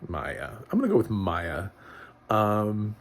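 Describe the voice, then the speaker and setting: A man's voice: on the low side, expressive, unhurried, gravelly. A man giving a casual spoken movie review, rambling with frequent chuckles, fillers and restarts. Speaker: film reviewer.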